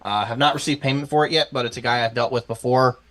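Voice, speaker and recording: A man co-hosting a sports talk show at an ordinary middle pitch. He gushes and gets excited easily, and his speech is full of ums and likes as he chats. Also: fast talker. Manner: excitable, gushing, with many fillers. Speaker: co-host. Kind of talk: casual chat.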